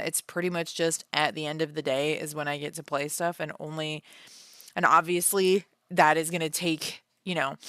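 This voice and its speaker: A young woman talks casually to her stream from home, her voice sitting a little low. She is animated and laughs often, with plenty of fillers. The sound is dry and close, with no room echo. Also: clean tone. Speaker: livestream host and author. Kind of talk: casual livestream chat.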